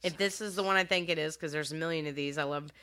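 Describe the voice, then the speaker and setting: A woman co-hosts a podcast in casual chat, working through a countdown list. Her voice is low-pitched for a woman but bright and forceful. She is blunt and joking and swears casually. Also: quick pace, smooth. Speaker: podcast co-host.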